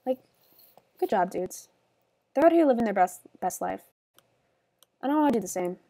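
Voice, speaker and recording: Teary young woman streamer, soft and halting. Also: on the high side, animated, dry recording. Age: young adult. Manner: soft, halting and rambling, many fillers. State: tearful and sniffly. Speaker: livestreamer. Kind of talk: casual stream chat while gaming.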